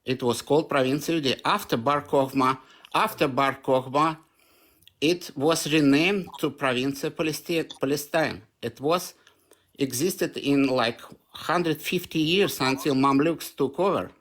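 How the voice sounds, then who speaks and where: A man's voice: on the high side, a little slow, fairly bright tone. Insistent man with a Russian accent. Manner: argumentative, insistent, repeats his points. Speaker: debate participant. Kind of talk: heated live-stream argument.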